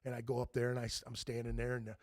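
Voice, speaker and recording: A man's voice: medium pitch, monotone, rapid-fire, a little mellow, no room sound, clean studio sound. A man in his fifties hosting a podcast, telling rambling anecdotes in casual chat and swearing freely. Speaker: podcast host.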